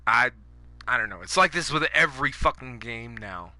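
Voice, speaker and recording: A man's voice: mid-range voice, lively intonation, normal speed, sharp tone, dry recording. A man giving angry, profane commentary over his own gameplay, ranting at the audience. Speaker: gaming YouTuber.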